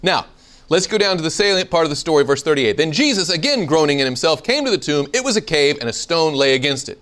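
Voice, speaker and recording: A man's voice: a little high, fast talker. A man teaching a Bible seminar to a live audience, asking questions and acting out the quoted lines. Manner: animated, asks the room questions, acts out quoted lines.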